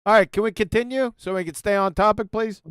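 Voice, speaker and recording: A man moderating a live-stream panel discussion, who briskly keeps the others on topic. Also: high-pitched, fairly even intonation, clean tone, dry recording, studio quality.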